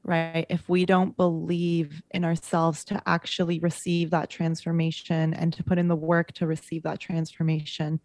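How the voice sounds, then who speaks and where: A woman's voice: sits low, monotone, normal speed, hardly any pauses, a little mellow, no echo. A woman who works as a coach, talking in a casual podcast conversation, earnest and emphatic, making her points in repeated parallel phrases.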